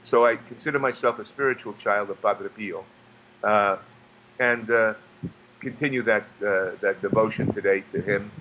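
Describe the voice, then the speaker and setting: A man from New York, a guest actor and singer, telling stories in a halting way with many restarts and fillers. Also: lowish voice, fairly even intonation, narrow, tinny audio, a little hiss or hum. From New York, USA. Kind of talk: casual storytelling interview.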